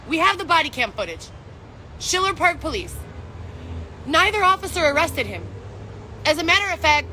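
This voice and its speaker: A pregnant woman rants straight into her camera outdoors, her high voice sharp and bright, with faint traffic behind her. She swears hard and fires off one rhetorical question after another. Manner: angry, profane, ranting, rhetorical questions. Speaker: vlogger. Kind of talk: emotional street vlog rant.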